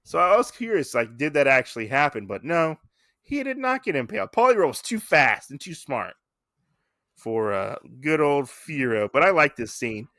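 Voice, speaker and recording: Male podcast co-host, lively rambling chat, dry close mic. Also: fairly high pitch, normal speed, no room sound. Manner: chatty, rambling with many fillers. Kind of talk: casual chat.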